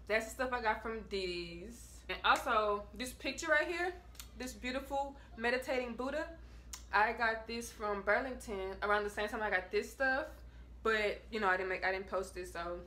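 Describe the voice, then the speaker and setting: A woman's voice: mid-range voice, fairly bright tone, a little hiss or hum. A woman vlogging a casual try-on haul from her bedroom, chatting in a slangy, offhand way to her viewers.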